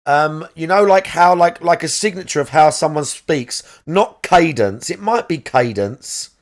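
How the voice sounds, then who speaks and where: A man's voice: fairly high pitch, lively intonation, a little slow. A man streaming a game live, chatting casually and rambling as he searches aloud for the right words. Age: adult parent.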